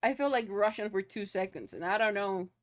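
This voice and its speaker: A woman's voice: medium pitch, fairly quick. A young woman streaming live, chatting loosely with her viewers, laughing often and swearing casually.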